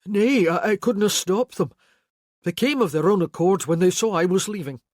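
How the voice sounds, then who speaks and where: A narrator voicing a remorseful older Highland man who pleads earnestly in a historical romance audiobook. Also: moderate pace, no room sound, clean studio sound, close to an everyday voice. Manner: earnest, pleading, guilt-ridden. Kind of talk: audiobook character voice.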